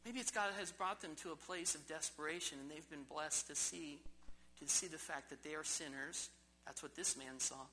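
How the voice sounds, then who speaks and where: Guy preaching in church, really sharp bright voice, pitched a bit high, keeps hammering questions at the crowd. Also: steady tone, brisk, slight background noise, rough recording. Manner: emphatic, rhetorical questions to the congregation. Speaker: pastor. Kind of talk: sermon. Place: church service before a congregation.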